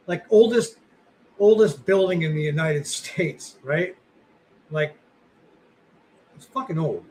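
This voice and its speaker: A man's voice: sits high, fairly bright tone, a little hiss or hum, poor audio. A man co-hosting a podcast, chatting casually in a rambling, blunt way with lots of fillers and the odd curse. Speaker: podcast co-host.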